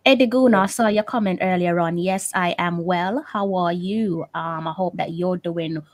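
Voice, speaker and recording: A woman's voice: on the low side, normal speed. A woman hosting a livestream interview over a video call, reading out viewer comments with frequent ums. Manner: reads viewer comments, gives shout-outs with frequent ums. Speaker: interview host.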